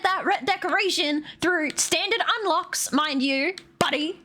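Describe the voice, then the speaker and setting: A woman's voice: very high-pitched, unhurried, few pauses, pushed and bright, soft background music. A young woman streaming a game, grumbling aloud with sarcastic, heavily sworn commentary. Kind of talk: casual gameplay commentary.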